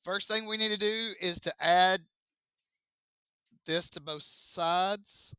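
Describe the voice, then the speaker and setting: A man's voice: high voice, steady tone, slow pace, bright, forceful tone, clean tone, no echo. A man teaching a math class, joking and talking back to his students.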